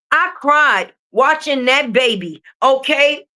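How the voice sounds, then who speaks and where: A young adult woman rants on a livestream. She talks in a profane, confrontational, animated way. Her voice sits high. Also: measured pace. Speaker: streamer. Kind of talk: livestream rant. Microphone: streaming mic.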